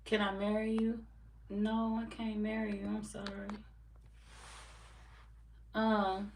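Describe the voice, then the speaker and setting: A woman's voice: medium pitch, completely flat delivery, takes it slowly. A woman running a live tarot stream who chats casually with viewers, swears freely and laughs often. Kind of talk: casual live-stream chat reading comments. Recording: roomy echo from far off mic, faint background noise.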